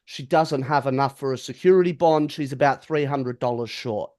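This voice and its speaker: A man's voice: medium pitch, moderate pace, a little mellow. A man, a podcast co-host telling a story in casual chat, acting out the quotes and swearing freely.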